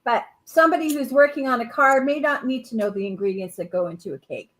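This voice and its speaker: A woman's voice: high voice, quick pace, fairly bright tone. A woman co-hosting a casual spiritual podcast, speaking in an easygoing, reflective way. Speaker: podcast co-host.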